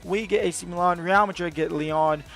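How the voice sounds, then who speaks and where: A man giving casual, excitable commentary on a football video game, thinking aloud with quick asides. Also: high voice, soft background music. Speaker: gaming YouTuber.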